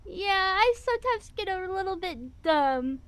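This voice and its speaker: A woman with a Missouri accent talks as an interview guest in a chatty, rambling way. Her voice sits fairly high, and she sounds animated. The sound is dry and close, with no room echo. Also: a little slow. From US Midwest. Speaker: guest VTuber. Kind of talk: casual interview chat.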